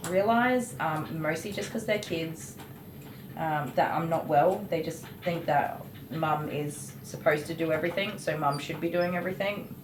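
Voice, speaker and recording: Middle-aged woman, low-ish voice, candid and self-mocking, in an echoey room. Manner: frank, self-mocking, laughs often. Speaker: dog groomer. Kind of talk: casual chat while grooming. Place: grooming room. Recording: echoey room, faint noise.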